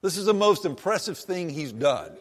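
In a church sanctuary with the long reverb of a large hall, a male pastor with a high voice reads scripture aloud before preaching. His delivery is slow, animated, and conversational, and he voices the disciples and Jesus in quoted lines.

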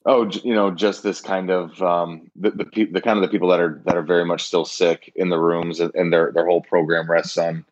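Male co-host, very low voice, rambling and hesitant, slightly muffled lo-fi recording. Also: little pitch movement, fairly quick, hardly any pauses. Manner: rambling, hesitant, many restarts. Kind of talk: casual recovery talk. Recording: dull lo-fi sound.

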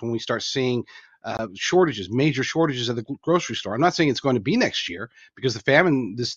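A man's voice: medium pitch, no room sound. Emphatic man on a dull remote line. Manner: emphatic, folksy, with frequent restarts. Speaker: guest commentator. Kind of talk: remote interview answers.

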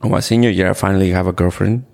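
Deep gravelly man. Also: steady tone, a little mellow. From Ecuador. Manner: earnest, halting, with repeated restarts and "like". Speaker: podcast guest. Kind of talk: candid storytelling in conversation.

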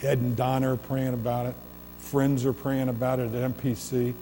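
A man's voice: mid-range voice, level tone, moderate pace, mellow, a little hiss or hum. A man preaching a sermon in a church sanctuary, building emphasis through repeated, swelling phrases. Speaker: pastor. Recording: long reverb of a large hall.

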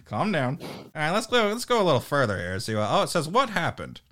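A man's voice: on the high side, sing-song, normal speed, bright, forceful tone. A man with a New Jersey accent hosting a parody podcast, reading articles aloud with stumbles and crude jokes. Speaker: podcast host.

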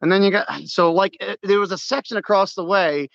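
A man telling a sports story in casual chat, excitable and full of restarts, acting out his own shouts. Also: sits high, brisk, creaky, dry recording, dull audio. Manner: many restarts and repeated words.

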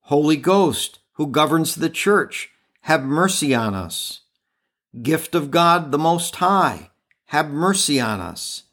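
A man leading a podcast prayer devotion, reading and reciting a litany in a measured, reverent way. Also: fairly high pitch, very animated, a bit bright.

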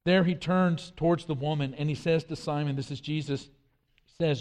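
A man's voice: fairly high pitch, steady tone, moderate pace, darkish tone. A man preaching a sermon with earnest emphasis, quoting scripture and often repeating his words. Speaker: pastor. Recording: long hall reverb.

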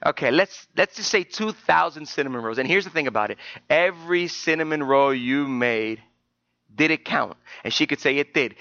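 A pastor preaching a sermon in church, moving between quiet talk and loud, emotional preaching. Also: male voice, fairly high pitch, expressive, a little fast, dry recording, highs cut off.

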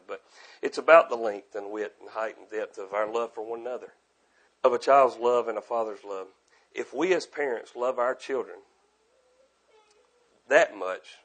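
A middle-aged man delivers a sermon in a somewhat low voice. He talks earnestly and circles back over his points, pressing hard on key words and then falling to quiet asides. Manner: earnest, repetitive, swings between loud emphasis and quiet asides. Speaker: preacher.

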